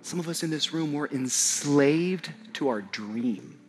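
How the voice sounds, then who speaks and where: A young adult male pastor preaching a sermon in a church, swinging from shouted high points to quiet low passages, with humorous conversational asides to the congregation. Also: expressive, takes it slowly, soft background music. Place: church auditorium.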